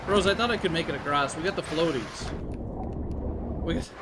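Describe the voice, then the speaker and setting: A man's voice: fairly high pitch, animated, moderate pace, heavy background noise. A man streaming a game, thinking aloud to his chat in a loose, muttering, self-mocking way. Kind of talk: casual gameplay commentary to chat.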